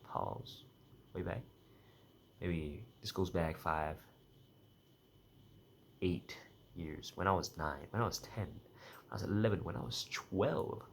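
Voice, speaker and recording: A young man with a deep, low-pitched voice talks straight to the camera in a loose, rambling monologue. He keeps restarting and correcting himself, half-joking as he goes. A faint hum of ambience sits behind him. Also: slow pace, vocal fry, long pauses. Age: young adult. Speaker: vlogger.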